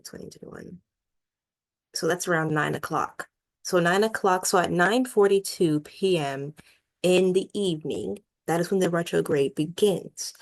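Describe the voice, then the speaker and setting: A woman's voice: on the low side, gravelly. A young woman in her twenties, an astrologer losing her voice, giving a casual rambling lesson through her laptop mic on a video call, with many ums and uhs. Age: 20s. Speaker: astrologer host. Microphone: laptop built-in mic over a video call.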